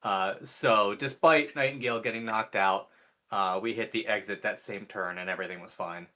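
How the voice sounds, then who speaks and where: A man running a tabletop game and talking through the last session in a loose, chatty way. His voice is bright and forceful, and he drops filler words as he goes. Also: lowish voice, moderate pace. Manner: relaxed, uses many fillers. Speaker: game master. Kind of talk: casual tabletop game recap.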